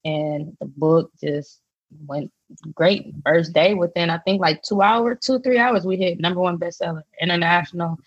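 A woman guest speaks candidly and a little hesitantly in a casual interview. Her voice sits slightly low and comes through dull, dry remote audio. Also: moderate pace, slightly rough, dry recording. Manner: candid, hesitant, lots of fillers. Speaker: author and guest.

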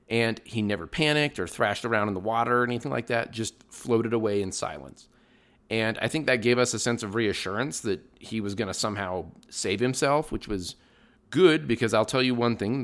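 A man's voice: mid-range voice, a bit bright. A middle-aged man hosting a podcast, telling a scripted story with wry, dry humor. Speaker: podcast host.

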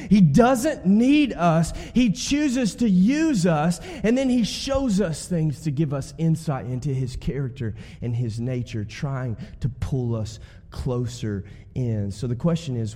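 A guest pastor preaches in a chatty, call-and-response way. He is a man with a fairly high pitch and a dark, mellow tone. His voice rings out with the long reverb of a church sanctuary. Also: animated, unhurried, few pauses. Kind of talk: sermon.

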